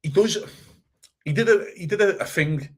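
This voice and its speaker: A man co-hosting a casual football podcast, blunt and animated, swearing freely. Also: high-pitched, moderate pace, slightly rough. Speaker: podcast co-host.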